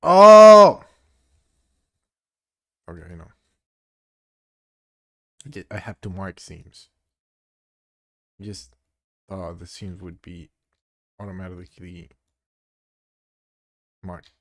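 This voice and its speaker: A man live-streaming while he works on a 3D model, exasperated, swearing and talking back to the software. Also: sits low, little pitch movement, slow pace, long pauses, no echo, studio quality.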